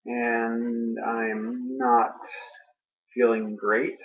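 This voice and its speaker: A man's voice: medium pitch, little pitch movement, very slow. A young man vlogging casually, groggy after dental work, rambling with many ums and uhs. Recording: muffled lo-fi home audio.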